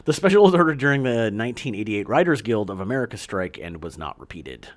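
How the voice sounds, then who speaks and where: A man's voice: lowish voice, sing-song, quick pace. A man hosting a podcast, reading history notes aloud in a casual chat and laughing easily. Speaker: podcast host.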